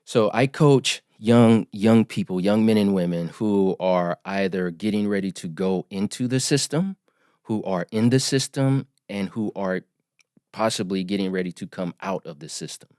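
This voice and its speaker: A man in his forties, a podcast guest, telling his story in an earnest, emphatic, measured way. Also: fairly low pitch, darkish tone, clean tone, no room sound, clean studio sound. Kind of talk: storytelling interview.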